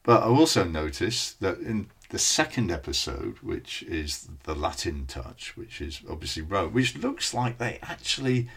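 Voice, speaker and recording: A man's voice: sits low, very animated, a little slow, hardly any pauses, a bit bright, husky. A man co-hosting a podcast, chatting casually in a knowledgeable, matter-of-fact way. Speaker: podcast co-host. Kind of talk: casual chat about old television.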